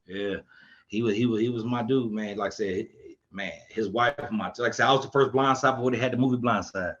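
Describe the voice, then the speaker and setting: A man's voice: on the low side, fairly quick, lo-fi sound. Man coach telling stories on a podcast. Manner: animated, acts out quotes in a raised voice. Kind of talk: casual storytelling chat.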